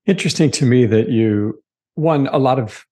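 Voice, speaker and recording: A man hosting a podcast, chatting casually and enthusiastically, telling a quick anecdote before asking questions. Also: mid-range voice, mellow. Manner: enthusiastic, fast anecdotal storytelling. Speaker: podcast host. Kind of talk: casual interview chat.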